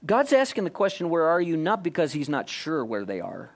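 A man preaching a sermon, questioning his listeners directly and moving between hushed and emphatic delivery. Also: fairly high pitch, huge pitch swings, moderate pace. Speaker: pastor.

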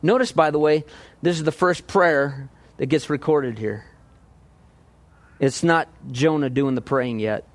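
Man, preacher, conversational sermon, animated, questioning, slightly high voice, dry close sound. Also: measured pace, pauses often, no room sound. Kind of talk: expository sermon.

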